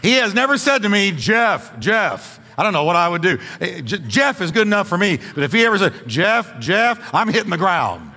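Emphatic preacher with a bright, ringing voice. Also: male voice, high voice, very animated, fast, few pauses, in a large hall. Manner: emphatic preaching, repeating words for stress; folksy humor with the congregation. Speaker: pastor. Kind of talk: sermon. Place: church sanctuary.

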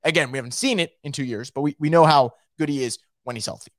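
A man's voice: on the high side, fast, fairly bright tone, dry recording, clean studio sound. A man hosting a solo sports podcast, talking in an opinionated, emphatic, rambling way. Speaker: podcast host.

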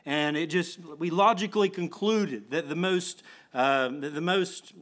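A man's voice: a little high, measured pace, a bit bright. A man pastor preaching an earnest sermon, often restarting phrases and building to emphatic swells.

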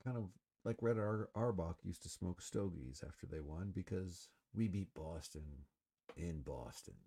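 A man's voice: low voice, measured pace, gravelly, breathy edge. A man hosting a solo podcast, talking casually and rambling with many fillers and swearing while he smokes. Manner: relaxed, smoking while talking. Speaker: podcast host. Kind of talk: casual solo sports talk.

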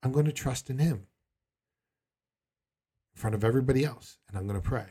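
Husky-voiced man preaching a casual sermon. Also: medium pitch, fairly quick, mellow. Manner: conversational preaching, acts out quoted voices. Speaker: pastor.

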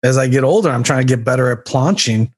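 A man of ordinary pitch talking casually as a co-host. He rambles, restarts his sentences and leans on "you know" as he works toward his point. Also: expressive, fast talker, breathy edge. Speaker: podcast co-host. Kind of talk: casual chat.

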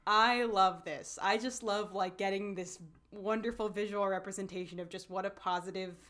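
A woman's voice: mid-range voice, moderate pace. Chatty woman with lots of fillers. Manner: animated, acts out characters' lines with lots of fillers. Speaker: podcast co-host. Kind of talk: casual chat recapping a TV drama.

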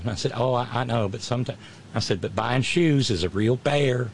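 A man's voice: mid-range voice, fairly quick, gravelly, a little hiss or hum. A middle-aged man, casually chatting and reading viewer comments, rambling with many restarts and wry asides. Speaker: livestream host.

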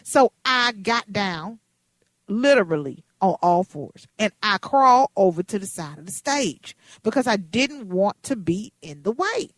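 An animated radio host in her fifties tells a story in a chatty, lively way. Her voice sits in an ordinary middle range for a woman. The sound is dry and close, with no room echo. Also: mid-range voice, measured pace. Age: 50s.

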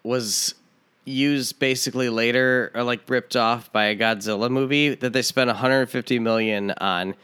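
A man's voice: medium pitch, steady tone, normal speed, a bit bright, clear, resonant tone. A man co-hosting a podcast, sharing movie trivia in casual chat and laughing easily. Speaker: podcast co-host.

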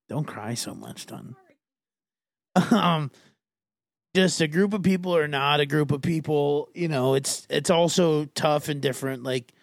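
A young man speaking as a podcast host in a relaxed, soft-spoken way, his voice at a middle pitch. He hesitates and restarts as he talks, recorded dry and close. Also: no room sound. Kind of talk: casual chat.

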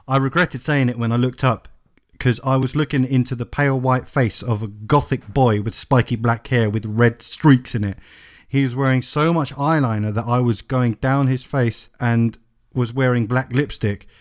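Deadpan man doing a comic reading. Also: mid-range voice. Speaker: podcast co-host reading aloud.

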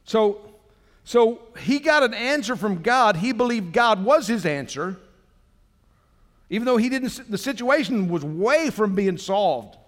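A man's voice: high-pitched, expressive, a little slow, in a large hall. A man pastor preaching a sermon, emphatic, climbing into fervent exhortation.

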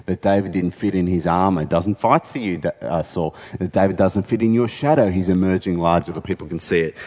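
A low-pitched male preacher delivering a sermon, telling the story conversationally and dropping in casual asides. His voice rings with a long reverb, as if in a large church hall. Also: darkish tone.

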